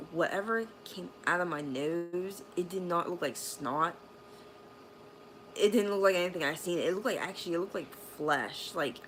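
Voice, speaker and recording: A woman's voice: fairly low pitch, a bit bright, a little hiss or hum, low-quality recording. A woman vlogging at home in a bedroom, telling a rambling, profane story full of fillers. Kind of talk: casual storytime vlog.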